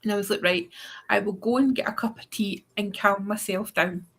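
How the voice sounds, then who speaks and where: A woman's voice: mid-range voice, fairly even intonation, normal speed, a bit bright. A Scottish woman co-hosting a tarot livestream, chatting casually, laughing often and swearing now and then. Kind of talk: casual chat.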